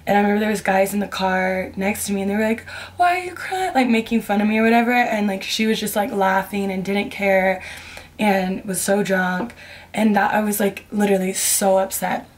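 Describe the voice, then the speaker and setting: A woman's voice: medium pitch, little pitch movement, a little fast. A young adult woman vlogger telling a personal story in casual storytime style, candid and rambling, with many "like"s. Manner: candid, rambling, heavy use of "like".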